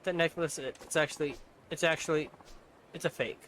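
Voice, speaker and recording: A man's voice: fairly high pitch, steady tone, a little fast, a bit bright, slight background noise, close to an everyday voice. A man doing a stammering guilty boyfriend. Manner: hesitant, stammering, apologetic.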